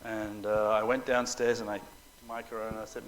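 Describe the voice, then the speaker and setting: A middle-aged man telling personal stories to an audience at a Bible school, animated and joking, acting out the quotes. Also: on the low side, moderate pace, a little hiss or hum, low-quality recording. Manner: animated storyteller, acts out quotes, joking asides. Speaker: preacher. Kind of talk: storytelling talk to an audience.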